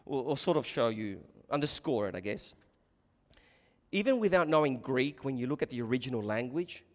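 A man preaching an expository sermon, swinging between loud emphatic bursts and quiet hushed asides. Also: a little high. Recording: long hall reverb.

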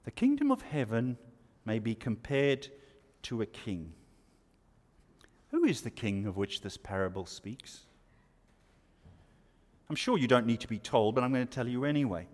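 A man preaches at medium pitch, very animated yet a little mellow in tone, explaining scripture verse by verse. His expository sermon features pauses and rhetorical questions for the listeners, and a hall lends it long reverb.

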